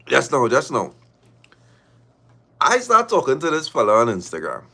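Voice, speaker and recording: A man's voice: medium pitch, wildly swooping pitch, slow, gravelly, sharp tone, slightly rough. A man hosting a livestream, reading viewer stories aloud and reacting with laughter and repeated phrases. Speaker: livestream host.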